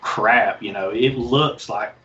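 A man's voice: on the low side, slow pace, bright, forceful tone, dull audio. A man with a Southern US accent, a guest on a movie podcast, rambling and searching for words as he talks. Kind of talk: casual movie chat.

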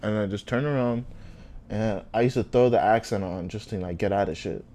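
A young man from Africa telling animated stories in casual chat, laughing often and acting out the quotes. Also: lowish voice, brisk.

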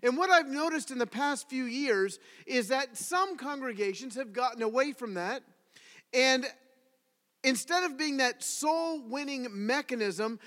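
A man preaching a sermon to his congregation, telling stories in an animated way and asking the audience questions. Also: very high voice. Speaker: pastor. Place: congregation hall. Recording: reverberant hall.

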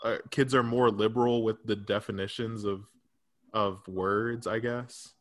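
A young man co-hosting a podcast, telling animated stories in casual chat, swearing freely and laughing often. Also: lowish voice, measured pace. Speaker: podcast co-host.

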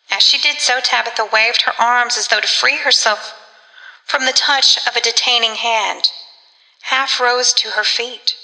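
A woman narrating a gothic story in a measured, dramatic reading. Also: on the high side, sharp tone, big-room sound, low-quality recording. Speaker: audiobook narrator.

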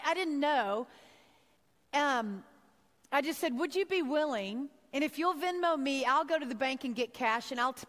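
A woman's voice: high-pitched, fairly bright tone, in a large hall. A woman from Texas giving a heartfelt sermon-style talk, telling a personal story and acting out her own thoughts. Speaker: speaker giving a devotional talk.

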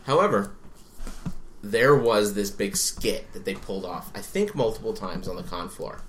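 A man's voice: fairly low pitch, moderate pace, slight background noise. A man co-hosting a podcast, chatting casually and acting out quotes as he tells a story. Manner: animated storyteller who acts out quotes. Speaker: podcast co-host. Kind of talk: casual chat.

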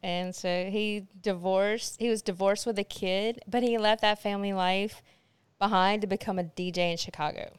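A woman's voice: mid-range voice, steady tone, moderate pace, clear, resonant tone, no room sound. A woman co-hosting a casual chat, telling stories with lots of fillers and laughter. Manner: chatty storyteller, frequent fillers and laughter. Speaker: podcast co-host.

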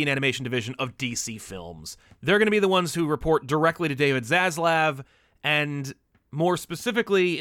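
A man's voice: on the high side, a bit bright, dry recording, clean studio sound. A man hosting a podcast about comics, talking in a chatty, opinionated, easygoing way. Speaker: podcast host. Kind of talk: casual commentary.

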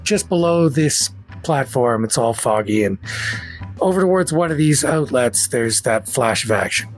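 A man narrating a tabletop game as game master in a relaxed way with fillers. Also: mid-range voice, normal speed, soft background music.

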